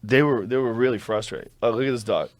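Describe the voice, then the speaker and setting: A man hosting a podcast, telling a story in an animated, profane, casual way. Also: mid-range voice, quick pace, dry recording. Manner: animated, profane, acts out voices in his stories. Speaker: podcast host.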